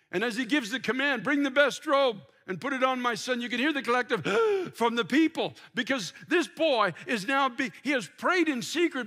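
In a large church sanctuary, an older pastor preaches from the pulpit in a very high, bright, forceful voice. His delivery is impassioned and full of restarts.

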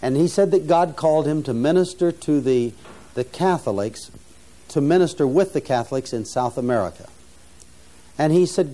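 A man's voice: fairly high pitch, expressive, normal speed, mellow. An older man giving an earnest, preacherly teaching talk to students, often restarting phrases and rising to stress key points. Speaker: mission founder teaching students. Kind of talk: sermon-style teaching talk.

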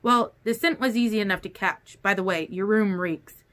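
A woman's voice: mid-range voice, normal speed, fairly bright tone, close to an everyday voice. A woman voicing a blunt, easygoing teenage boy in an audiobook, with a casual, teasing way of talking. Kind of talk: audiobook character dialogue.

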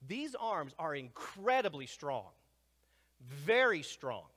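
A man with a slightly high voice delivers an energetic, animated lecture to a live audience at a slow pace. He moves from loud bursts to hushed remarks, and the large hall wraps everything in long reverb.

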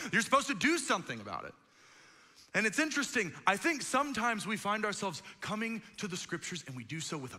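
A man preaching a sermon as pastor, conversational and animated, acting out quotes and joking asides. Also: mid-range voice, breathy edge, long reverb tail. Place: church auditorium.

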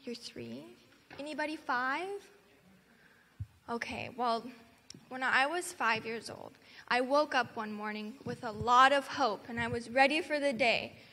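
A woman telling a children's story in a church service, expressive and animated as she talks to the kids. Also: a little high, a little slow. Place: church sanctuary. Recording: long hall reverb, faint noise.

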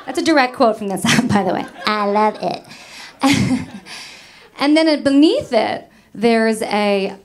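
A middle-aged New York woman performs stand-up on a comedy club stage before a live audience. Her voice is on the high side and her pace measured, and she's chatty and self-mocking, laughing at her own jokes.

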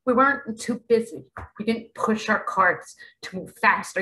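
A middle-aged woman delivering spiritual commentary with real fervor. Her bright voice swoops widely as she leans hard on her points and lingers over her words, now and then sinking to a whisper. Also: fairly high pitch, animated, measured pace, poor audio. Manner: emphatic and dramatic, at times dropping to a whisper. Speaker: spiritual vlogger.

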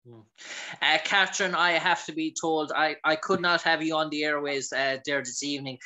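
A man from Ireland, a radio host, asking interview questions slowly and hesitantly, with many fillers. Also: fairly high pitch, steady tone, bright, forceful tone.

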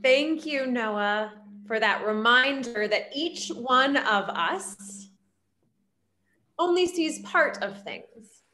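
A woman leads a church service with a gentle, reflective manner. She speaks slowly and deliberately. Her voice is bright and fairly high. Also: expressive.

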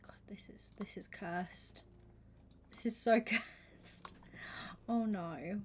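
A woman's voice: medium pitch, takes it slowly. Young woman, gaming streamer, chatty, thinks aloud, half-whispered asides. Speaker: livestreamer. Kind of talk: casual gaming stream chat.

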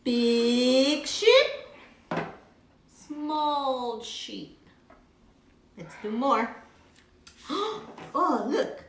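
A woman slowly teaching a toddler animal names, with a sing-song voice, gasps of surprise and animal sounds. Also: on the high side. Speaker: parent educator. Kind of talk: slow playful teaching for a toddler. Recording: echoey room with faint noise.

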